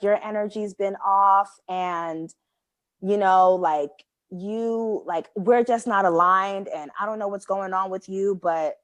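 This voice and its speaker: A young adult woman co-hosting a podcast, telling a story in casual chat, animated and full of "like" fillers as she acts out what people said. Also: mid-range voice, dry recording. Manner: animated, many "like" fillers, acts out quoted dialogue. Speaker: podcast co-host.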